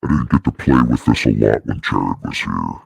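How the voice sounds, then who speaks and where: A man putting on a demonic deep voice through a voice changer, growling crude threats and jokes as a channel host. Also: animated, moderate pace, creaky, darkish tone, husky, no room sound, clean studio sound, heavily acted. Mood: joking.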